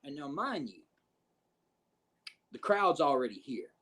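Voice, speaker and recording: A man's voice: fairly high pitch, unhurried. Profane storytelling man. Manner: profane, animated retelling with quoted voices. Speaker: wrestler telling a backstage story on a podcast. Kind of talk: casual storytelling.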